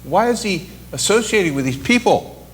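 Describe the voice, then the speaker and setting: Indignant male Pharisee, played by a man; pitched up, stammering. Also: lively intonation, normal speed, fairly bright tone, big-room sound, slight background noise.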